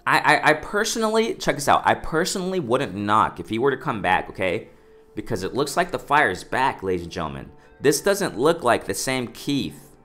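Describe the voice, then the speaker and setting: Casting: man, fired-up boxing vlogger, bright forceful voice, lowish pitch, faint music underneath. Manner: excited, repetitive, addresses "ladies and gentlemen", many restarts. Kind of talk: casual commentary monologue.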